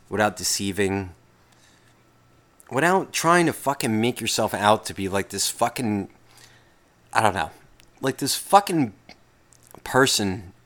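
A man's voice: fairly low pitch, fairly bright tone. A man hosting a solo podcast, ranting in a casual, rambling way, swearing constantly and cutting himself off mid-sentence. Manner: profane, rambling, self-interrupting. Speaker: podcast host.

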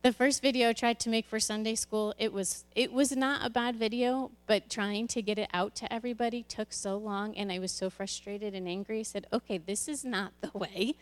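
A woman's voice: fairly high pitch, steady tone, brisk, few pauses, clean tone. A woman who leads a church's children's ministry, giving a candid, conversational personal testimony to a congregation, often restarting her sentences.

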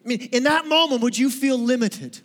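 A man's voice: very high-pitched, brisk, a bit bright, long reverb tail. A male pastor giving a sermon in a conversational, joking way, often asking the congregation questions. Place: church sanctuary.

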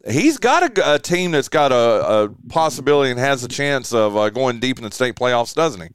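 A man's voice: mid-range voice, very animated, moderate pace, clear, resonant tone, no room sound, studio quality. A man hosting a local sports radio show, chatting casually about game scores with lots of fillers and restarts.

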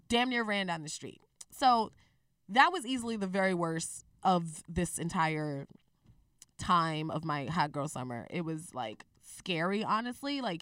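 A young woman in her twenties telling a personal story in a candid, profane, animated way on a casual talk show. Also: fairly high pitch, clear, resonant tone, no room sound, studio quality, far from the mic.

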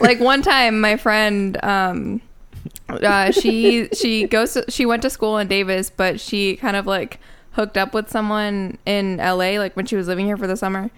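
A woman guest telling a story in a halting way, full of fillers and giggles. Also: medium pitch, steady tone, clean tone. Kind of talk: casual chat.

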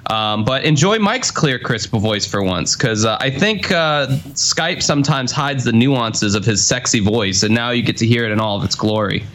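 A man's voice: medium pitch, lively intonation, normal speed, hardly any pauses, fairly bright tone, a little hiss or hum. A man co-hosting a podcast, chatting casually, rambling and joking. His audio comes over a computer call and sounds slightly phoned in. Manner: joking, rambling, laughs often. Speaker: podcast co-host. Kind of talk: casual chat.

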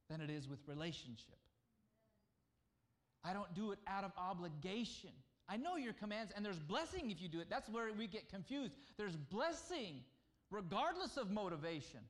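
A man preaching a conversational sermon, at times dropping to a hushed voice to speak as God. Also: high voice. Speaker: pastor.

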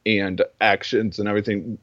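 Young man, low voice, dry muffled lo-fi mic, earnest rambling film talk. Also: level tone, fairly quick, fairly bright tone, no room sound. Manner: earnest, rambling, many fillers and restarts. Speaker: film podcast co-host. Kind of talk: casual film discussion.

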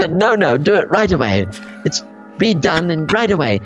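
A man's voice: on the high side, very animated, a little slow, soft background music. A man doing a freshly reformed old miser, giddy and improvising, who keeps slipping out of his English accent. His voice swings up and down with glee, and the recording is slightly dull. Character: grumpy old miser turned giddy, male. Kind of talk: improv comedy parody.

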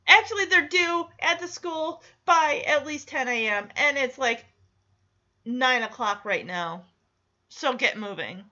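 A woman's voice: high-pitched, animated, unhurried, pushed and bright, lo-fi sound. A woman recapping a TV episode with sarcastic, exasperated commentary.

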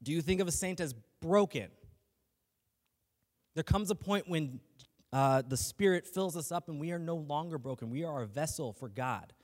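A man's voice: a little high, lively intonation, normal speed, a little mellow, in a large hall. A man giving a casual, earnest faith talk as a lay teacher, speaking conversationally with frequent restarts and fillers.

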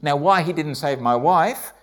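A middle-aged man, a missionary, telling a heartfelt personal testimony in church, with frequent hesitations and dialogue acted out in a rising voice. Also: measured pace. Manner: heartfelt storytelling, acts out dialogue with rising pitch.

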